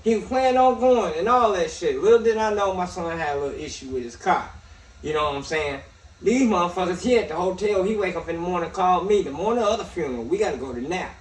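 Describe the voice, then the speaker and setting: A middle-aged man hosts a casual talk show with a high, bright voice. He curses freely and spins long stories. The mic sits at a distance, and the room echoes around him. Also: fast talker. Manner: profane, storytelling, animated. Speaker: radio show host.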